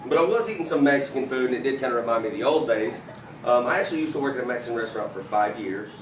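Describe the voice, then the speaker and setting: Guy rambling thru stand-up stories, lots of uhs, mid pitch, echoey room, mic kinda far. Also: lively intonation, rapid-fire, noisy background. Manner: rambling, many fillers and restarts. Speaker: comedian. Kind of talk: stand-up storytelling. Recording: roomy, from a distance.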